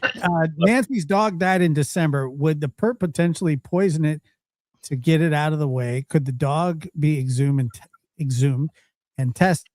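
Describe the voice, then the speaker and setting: A man's voice: a little high, normal speed, darkish tone, dry recording, clean studio sound. A man hosting a live talk stream, thanking callers and chatting in a friendly, conversational way. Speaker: host.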